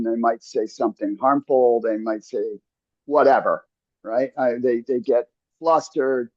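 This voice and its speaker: A man talks in an earnest coaching manner, restarting sentences and checking in with "right?". The sound is dry and close, a little dull in the highs. His pitch sits mid-range for a man. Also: a little mellow, dry recording. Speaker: podcast host. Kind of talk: casual podcast conversation.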